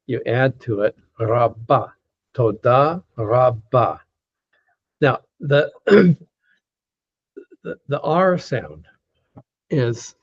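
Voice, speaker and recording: A man teaching a class, patiently saying words slowly and repeating them, with many fillers, over an online call. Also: medium pitch, husky. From United States. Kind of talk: lecture teaching pronunciation. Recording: dull lo-fi call audio.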